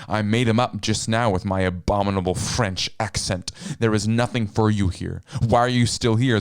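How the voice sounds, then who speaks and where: A man's voice: low-pitched, clean tone, no echo, clean studio sound. A man voicing a bitter young man who is angry at all of existence and talks in a cold, lecturing way.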